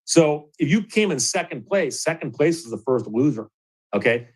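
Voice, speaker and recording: A man's voice: fairly high pitch, moderate pace, breathy edge, rough recording. Chuckling middle-aged man spinning a story. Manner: animated anecdote-telling, chuckling, many restarts. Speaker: host. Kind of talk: casual storytelling.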